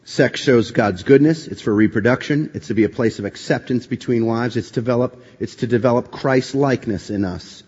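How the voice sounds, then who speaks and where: A man preaching a sermon to his congregation, animated and full of rhetorical questions. His voice rings out with a long reverb in a large hall. The recording is dull and lo-fi. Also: medium pitch, normal speed, few pauses, breathy edge. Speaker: pastor. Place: church sanctuary.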